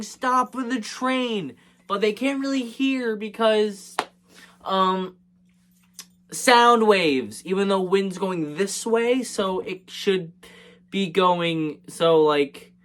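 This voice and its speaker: Slow, rambling joking man recapping a movie. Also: sits high, fairly bright tone. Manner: rambling, joking, hesitant with many fillers. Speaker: movie reviewer. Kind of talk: casual comedic movie recap.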